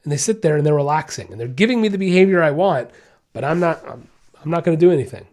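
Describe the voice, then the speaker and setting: A man's voice: on the high side, lively intonation, quick pace, a little mellow. A man hosting a dog-training podcast, explaining in casual, emphatic talk that circles back on his key points and keeps checking that the listener is following. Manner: emphatic, repeats key points, asks "you see what I'm saying?"; acts out the dog's thoughts in quoted asides.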